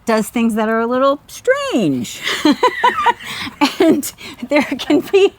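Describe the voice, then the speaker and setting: A middle-aged woman from Long Island, a podcast co-host and Reiki teacher, telling a childhood story in a casual, animated way, acting out the voices she quotes. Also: high voice, takes it slowly. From Long Island, New York. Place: outdoors at a beach before a small audience.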